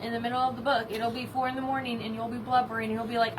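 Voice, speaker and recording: A woman's voice: on the high side, little pitch movement, very fast. A woman co-hosting a casual book review chat, chatty and playful. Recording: noisy home recording.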